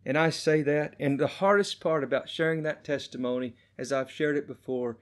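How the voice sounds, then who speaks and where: A middle-aged male preacher gives an impassioned sermon, his fairly high voice dropping to a hush and then rising loud again. He tells his testimony with fervor to a congregation. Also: normal speed. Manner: impassioned storytelling, swings between hushed and loud.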